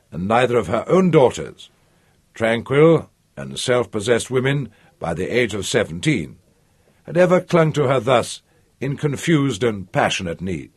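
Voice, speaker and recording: Male audiobook narrator, husky, lively pitch. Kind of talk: scripted narration.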